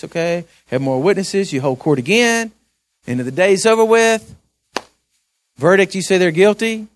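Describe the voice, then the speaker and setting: A man preaching a sermon to his church, earnestly moving between hushed storytelling and raised exhortation, often repeating words as he presses a point. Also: fairly high pitch. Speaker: pastor.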